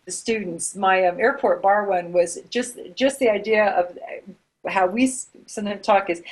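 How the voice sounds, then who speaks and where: A woman co-hosts a podcast in a relaxed, talkative way. She fills her pauses with ums and laughs easily. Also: mid-range voice, rough recording. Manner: chatty, laughs often, hesitant fillers. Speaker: podcast co-host. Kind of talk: casual chat.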